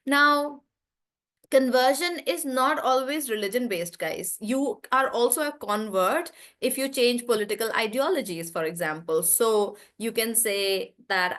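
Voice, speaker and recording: A woman's voice: mid-range voice, unhurried, a bit bright. A young woman with an Indian English accent teaching an online English class, chatty, giving example sentences and stories.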